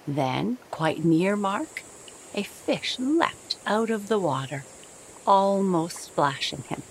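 Brief: female sleep-story narrator, soft and gentle, slow, lively pitch movement. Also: creaky, slight background noise.

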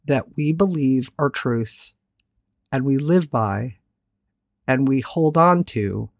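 Lively, candid woman speaking solo. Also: rumbling low, slow, no echo, studio quality. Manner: candid, animated, casually profane. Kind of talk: reflective solo monologue.

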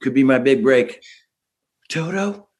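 A man's voice: medium pitch, unhurried. A man, a musician guest, telling stories in a rambling way with many restarts and chuckles. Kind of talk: casual interview storytelling.

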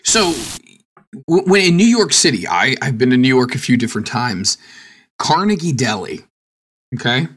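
Man, podcast co-host, husky, lively pitch, teasing, casual. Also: moderate pace, long pauses. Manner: teasing, easily set laughing. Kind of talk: casual chat.

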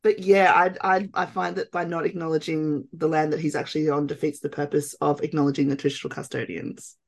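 A woman's voice: low-pitched, brisk, vocal fry. Laughing Australian woman hosting a podcast. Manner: laughs often, reads quotes in a flat mocking voice. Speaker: podcast host. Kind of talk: casual political chat.

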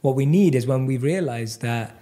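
A man's voice: medium pitch, moderate pace, warm tone. A man hosts a podcast conversation. He affirms his guest often and restarts his sentences with repeated words as he works toward a question. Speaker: podcast host.

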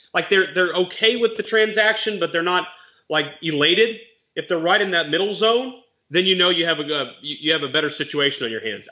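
Bright, high-voiced man telling a story. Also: dull audio. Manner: animated, explains legal points plainly. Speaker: real estate investor and mentor. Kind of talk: casual storytelling chat.

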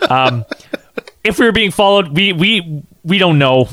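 A man telling a casual anecdote, acting out quotes in an animated way and saying "like" a lot. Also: high voice, a little slow, no echo.

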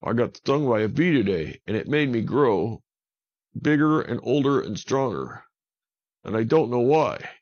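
A man's voice: medium pitch, big pitch swings, measured pace, voice pushed up. A man voicing a little boy who has suddenly grown into a big man, talking earnestly and pleading to be believed. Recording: dull lo-fi recording.

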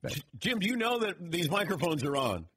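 A man's voice: high voice, big pitch swings, fairly quick, a bit bright, breathy edge. A man hosting a sports talk radio show, sarcastic and laughing often.

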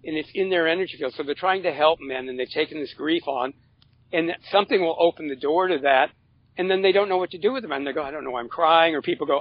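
A man who is a guest on a podcast, talking about coaching in an animated way, acting out little quotes and restarting his phrases. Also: a little high, fast, breathy edge, dry recording, dull audio. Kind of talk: casual interview chat.

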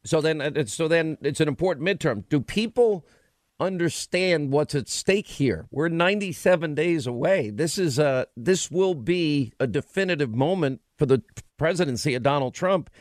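A man hosting a political talk radio show, talking in an emphatic, rhetorical way with quick restarts. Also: on the high side, expressive, dry recording, clean studio sound.

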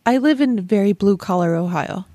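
A woman speaks as a podcast guest who runs her own business, chatty and open about her own life. Her pitch is average for a woman. The sound is dry and close, with no room echo. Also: lively intonation, normal speed, dark tone. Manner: chatty and candid. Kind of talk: conversational podcast talk.

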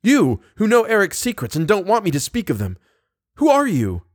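A male narrator voicing an anxious, earnest young nobleman who answers softly. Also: medium pitch, expressive, normal speed, no echo, studio quality, lightly acted. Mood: alarmed.

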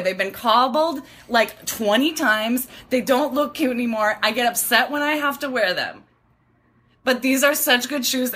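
A woman hosting a podcast, chatting and telling stories in an excitable, bubbly way and laughing often. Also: high-pitched, no echo. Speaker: podcast host. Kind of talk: casual podcast chat and storytelling.

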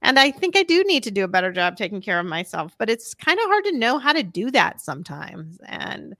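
Bright, candid woman podcast host. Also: mid-range voice, big pitch swings, fairly quick, no echo, clean studio sound. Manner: candid and hesitant. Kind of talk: casual chat.

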